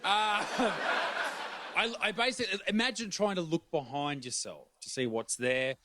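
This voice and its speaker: An Australian man, a stand-up guest on a live comedy show, talking in a halting, self-deprecating, laughing way. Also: high voice, sharp tone, no room sound.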